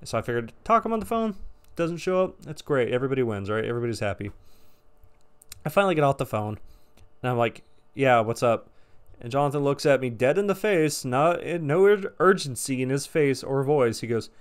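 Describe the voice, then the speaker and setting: A man telling a casual story to camera, animated and exasperated, swearing often. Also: mid-range voice, brisk, smooth. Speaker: storytime vlogger.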